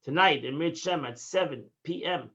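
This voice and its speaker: High-voiced man giving a Torah lesson. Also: normal speed. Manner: emphatic teaching with swings in pitch and loudness. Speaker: rabbi teaching Tanya. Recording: dull lo-fi audio.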